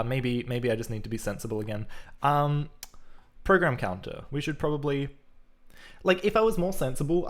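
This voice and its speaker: A man of ordinary pitch chats through his programming on a live stream, thinking aloud in a loose, casual way. Keyboard typing can be heard behind him. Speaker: programming livestreamer. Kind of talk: live coding commentary.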